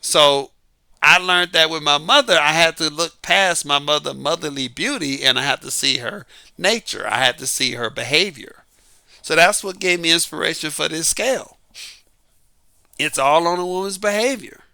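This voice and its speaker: A man's voice: on the high side, normal speed, vocal fry, sharp tone, clear, resonant tone, dry recording. A middle-aged man talking casually about dating, emphatic and full of rhetorical questions. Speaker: dating advice talker. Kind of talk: casual monologue.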